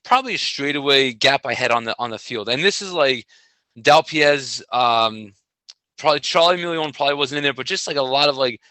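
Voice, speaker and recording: A middle-aged man co-hosting a casual podcast, telling a story in an animated way and laughing often. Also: medium pitch, a little fast, no echo, low-quality recording. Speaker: podcast co-host, track coach. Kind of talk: casual chat.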